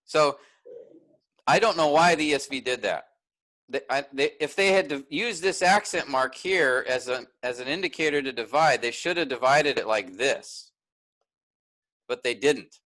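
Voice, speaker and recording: A man's voice: medium pitch, moderate pace, fairly bright tone, low-quality recording. A man teaching a workshop, explaining step by step and often checking in with "all right?".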